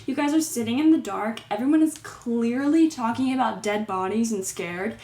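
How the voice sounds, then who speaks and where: A woman's voice: on the high side, normal speed, mellow, roomy sound. A woman casually recapping a horror movie, with exasperated, sarcastic commentary on the characters.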